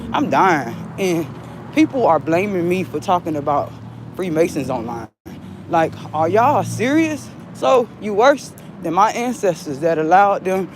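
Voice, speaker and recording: A woman's voice: on the low side, noisy background. A middle-aged woman vlogging live while walking outdoors, rambling in a defiant, agitated and profane way. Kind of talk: rambling live vlog monologue.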